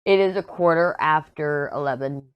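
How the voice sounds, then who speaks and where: A low-pitched woman talks through her crafting vlog in a hoarse, tired voice. She rambles and pokes fun at herself with little energy. The sound is dry and close. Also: moderate pace, dry recording, lo-fi sound. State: hoarse, worn out. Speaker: crafting YouTuber. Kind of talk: casual chat while diamond painting.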